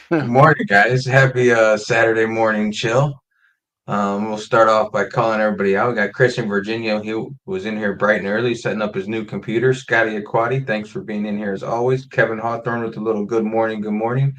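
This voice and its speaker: A man hosting a casual livestream chat, reading out viewer names and greetings in a relaxed, rambling way from a home setup on a desk mic. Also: on the low side, fairly quick. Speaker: host.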